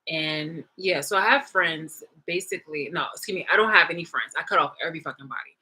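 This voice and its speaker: Woman vlogger, bright edgy tone, loose profane storytelling to camera. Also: deep voice, quick pace, breathy edge, low-quality recording. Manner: profane, animated, retelling a clip with laughs. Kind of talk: casual rambling monologue.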